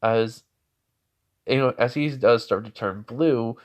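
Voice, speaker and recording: In a dull, lo-fi recording, a man with a medium-pitched voice slowly narrates an improvised fan story, rambling with many fillers and restarts.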